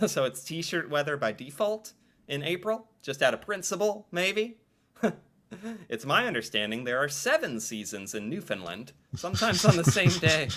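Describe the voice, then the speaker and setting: Man from the US, reaction commentary, lively swooping pitch, bright forward voice. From United States. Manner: animated and quick to laugh, with pitch jumps when making a point. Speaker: reaction video creator.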